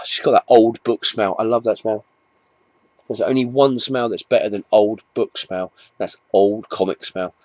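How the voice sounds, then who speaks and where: In an unhurried, fairly even delivery, a lower-voiced Englishman chats to camera about his comic collecting. The sound is a little mellow with no echo. He rambles, often starts his sentences over, and pokes fun at himself.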